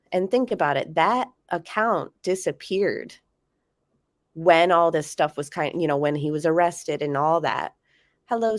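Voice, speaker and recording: A woman with a low, nasal, congested voice hosts a casual true-crime livestream, chatting loosely with viewers. She speaks close and dry, with no room sound. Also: no echo. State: sick, congested. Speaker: livestream host.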